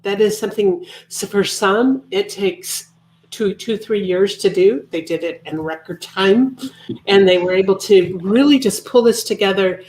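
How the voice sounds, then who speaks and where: Woman, publisher guest, earnest, measured, echoey room. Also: mid-range voice, darkish tone. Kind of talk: casual chat.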